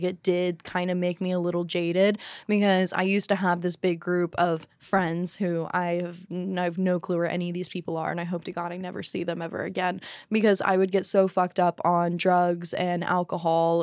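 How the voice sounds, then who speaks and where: A woman's voice: on the low side, no echo, clean studio sound. Frank, profane woman telling her story. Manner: frank, profane, acts out other voices. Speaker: podcast guest. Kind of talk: candid personal storytelling.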